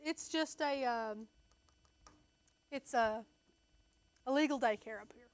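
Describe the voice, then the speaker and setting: High-pitched young woman, chatty storyteller, laughs a lot, dry close mic. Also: takes it slowly, no echo. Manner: chatty storyteller, acts out quotes, laughs often. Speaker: co-host. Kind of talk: casual livestream chat.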